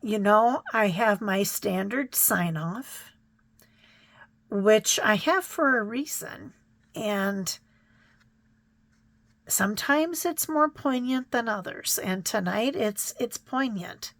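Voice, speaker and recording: Brief middle-aged woman, crafting vlogger, slow unhurried delivery, close dry sound, tender and halting. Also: medium pitch, expressive, no echo. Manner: reflective, gentle, emotional, many ums and restarts. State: choked up. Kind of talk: casual chat to viewers.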